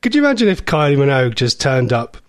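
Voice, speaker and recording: A man's voice: medium pitch, big pitch swings, fast, no room sound, studio quality. A man hosting a solo podcast from home, rambling and joking, often laughing. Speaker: podcast host. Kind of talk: solo comedic chat.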